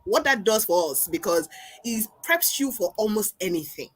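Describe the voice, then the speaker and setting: Woman from nigeria, mid pitch, tells stories and quotes people, talking on a video call. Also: moderate pace, breathy edge. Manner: animated storytelling, quoting people. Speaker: guest speaker, advertising creative. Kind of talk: webinar panel talk.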